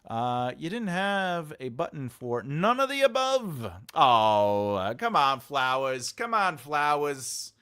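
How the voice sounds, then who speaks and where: A man's voice: medium pitch, sing-song, slow pace, few pauses, a bit bright, clear, resonant tone. A man hosting a live writing class, chatting casually and jokingly with his audience, rambling with many filler sounds and answering chat comments aloud. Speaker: writing teacher and host.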